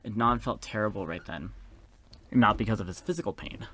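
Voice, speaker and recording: Man hosting a game playthrough: very low voice, reads the story aloud with sassy, campy asides. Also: brisk, fairly bright tone, a little hiss or hum. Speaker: gaming video host. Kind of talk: reading a visual novel aloud with commentary.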